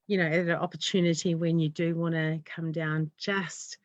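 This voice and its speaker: A New woman speaks in a lowish voice, earnest and heartfelt. Her thoughts run on from one to the next in casual interview chat. The sound is dry and close. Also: level tone, normal speed, no echo, muffled recording. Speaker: community developer, guest.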